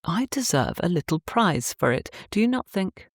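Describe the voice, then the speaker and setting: A woman reading a charming gentleman landowner. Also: fairly low pitch, sing-song, moderate pace, no echo, studio quality, voice pushed up. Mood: flirtatious. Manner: polished, courteous speech.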